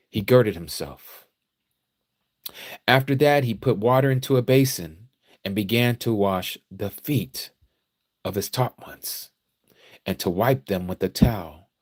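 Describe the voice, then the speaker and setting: A man leading a scripture study sermon, reading slowly and deliberately, then turning emotional and climbing loud and high as he preaches. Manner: emotional, preacherly, rises in pitch and volume when exhorting; slow deliberate reading with pauses.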